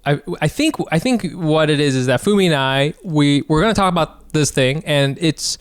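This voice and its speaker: A man hosting a comedy podcast, excitable, swearing freely and laughing often in casual chat. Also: a little high, moderate pace, clear, resonant tone, no echo, studio quality.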